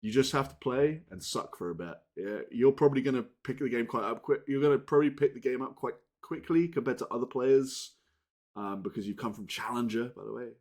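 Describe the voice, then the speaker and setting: A man talking off the cuff to his channel's viewers in a mid-pitched voice. He rambles and restarts his sentences, swears casually, and swings between loud bursts and muttered asides. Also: a little fast. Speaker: gaming channel host. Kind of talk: casual unscripted chat to camera.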